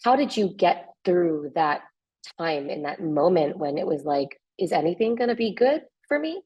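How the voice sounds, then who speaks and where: A woman interviewer asking a gentle, careful question. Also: on the low side, sing-song, normal speed, breathy edge.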